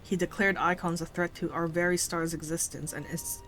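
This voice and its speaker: A woman's voice: lowish voice, flat delivery, moderate pace, a bit bright, soft background music, natural voice. A woman reading aloud the part of a courteous male military airship captain, in stiff formal phrasing and her own voice. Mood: explaining. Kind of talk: reading game dialogue aloud.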